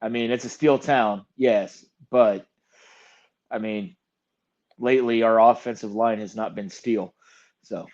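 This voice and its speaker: A man's voice: on the low side, fairly even intonation, a little slow, pauses often, a little mellow. Wry male co-host on dull audio. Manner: wry, profane, drops to mutters. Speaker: podcast co-host. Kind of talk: casual chat.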